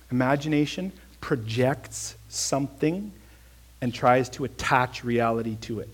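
A man's voice: medium pitch, husky. A man preaching a conversational sermon, telling a personal story with earnest emphasis and then leading a prayer.

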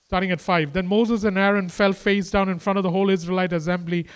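A man with a high voice delivers a sermon in a loose, conversational way. He swings from hushed, intimate passages to emphatic, lifted ones, and talks to his listeners as casually as he would to friends. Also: fast talker, clean tone. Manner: animated, swings between quiet and emphatic. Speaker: preacher.

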